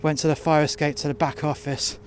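This is a slightly high-pitched man speaking flatly as he tells an angry, profane first-person story about something that happened at work. He's outdoors in sub-zero temperatures, blunt throughout, and he slows whenever fatigue sets in.

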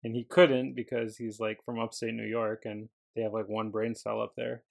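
A man's voice: fairly low pitch, flat delivery, moderate pace, vocal fry. Laid-back joking male podcast host. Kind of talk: casual wrestling chat.

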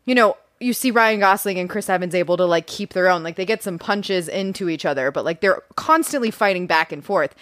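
A woman's voice: fairly low pitch, fairly quick, few pauses, a bit bright, no room sound, clean studio sound. A woman co-hosting a casual film podcast, frank and emphatic, swearing now and then. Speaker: podcast co-host. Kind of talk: casual chat.

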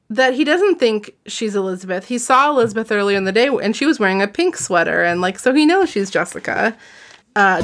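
A woman's voice: mid-range voice, a bit bright. Casting note: woman podcast host, casual and giggly, retelling a novel's plot. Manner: laughs often while summarizing and reading aloud. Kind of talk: casual book-recap chat.

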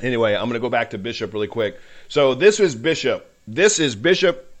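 In a lively, fairly quick, mid-range voice, a man hosting a podcast preaches emotionally about faith. He's fervent and passionate, his voice rising, and at times he's choked up.

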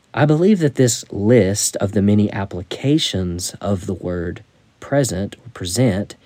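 A man reading aloud from his own devotional book in a measured, deliberate way. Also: fairly low pitch, warm tone, no room sound.

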